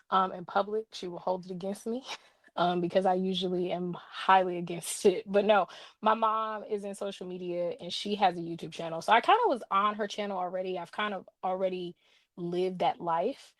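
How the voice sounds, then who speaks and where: A woman's voice: lowish voice, moderate pace, no room sound. A young woman who reviews books, chatting in an interview and telling stories with playful asides. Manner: animated storyteller with laughs and playful asides. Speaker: guest, book reviewer. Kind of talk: casual interview chat.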